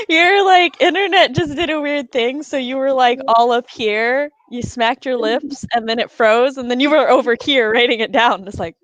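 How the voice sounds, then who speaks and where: A woman guest on a live stream, joking playfully in a deadpan way during a casual chat over a video call. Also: sits high, normal speed, few pauses, dry recording.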